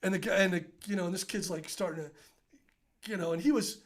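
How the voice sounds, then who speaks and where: A man from the United States, a podcast guest, telling an animated story in casual conversation, acting out other people's lines with fillers and the odd curse. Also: high voice, quick pace. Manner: acts out quoted dialogue, swearing, rambling with many fillers. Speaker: podcast guest, business owner.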